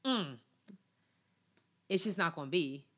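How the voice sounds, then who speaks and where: A woman co-hosting a casual podcast with a low, deep voice. She is blunt and opinionated, delivering firm verdicts, and often acts out what people would say. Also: expressive, takes it slowly, fairly bright tone. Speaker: podcast co-host. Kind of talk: casual chat.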